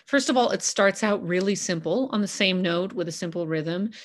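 A woman's voice: medium pitch, moderate pace. A woman host talking through a musical's songs in a casual, enthusiastic and chatty way, with fillers. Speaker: podcast host analysing a musical. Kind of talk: casual analytical commentary.

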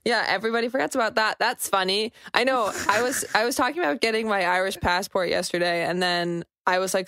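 A woman's voice: medium pitch, fairly even intonation, fairly bright tone, dry recording. Sarcastic young woman podcast co-host. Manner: sarcastic, rapid riffing with quoted asides. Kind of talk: casual chat.

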